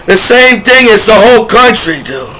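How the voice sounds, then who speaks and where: A man's voice: high voice, very animated, moderate pace, pushed and bright, soft background music, low-quality recording. A man vlogging to camera in a rambling, aggrieved, repetitive rant. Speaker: vlogger, disabled combat veteran. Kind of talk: rambling direct-to-camera monologue.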